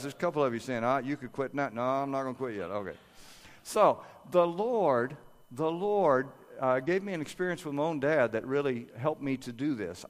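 Story-telling preacher in a reverberant hall. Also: male voice, medium pitch. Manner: conversational, acts out voices of family. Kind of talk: storytelling sermon.

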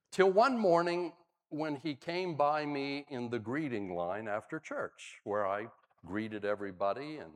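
A man's voice: medium pitch, big-room sound. An older man, a pastor, preaching a sermon, telling stories with dry humor. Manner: animated storyteller, dry humor. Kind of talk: sermon with storytelling.

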